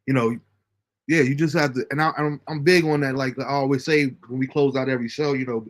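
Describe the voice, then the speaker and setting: A man hosting a casual livestream show, reading out viewer comments with a relaxed, chuckling manner. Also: medium pitch, a little fast. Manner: laid-back, chuckling often, fillers like um. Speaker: host.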